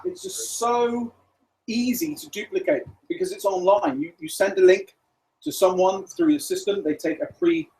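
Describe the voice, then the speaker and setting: Man, high-pitched, casual rambling talk, business meeting room. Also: a little mellow, low-quality recording. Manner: casual, rambling, many fillers. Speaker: presenter. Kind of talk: business presentation.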